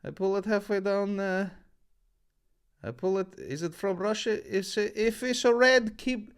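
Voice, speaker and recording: A man's voice: high voice, unhurried, smooth, voice pushed up. A man voicing a boastful Eastern European farmer in a mock accent and broken English. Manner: broken English, brash and yelling.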